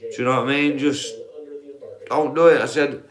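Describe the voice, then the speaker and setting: A man's voice: mid-range voice, fairly even intonation, normal speed. A man ranting profanely on a live stream, laughing at his own points and calling his viewers guys.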